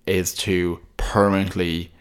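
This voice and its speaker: A man with a very deep voice co-hosts a podcast in a casual but analytical way. He talks at length and loops back over his own half-finished phrases as he thinks aloud. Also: level tone, slow, smooth. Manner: talkative, thoughtful, many restarts. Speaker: podcast co-host.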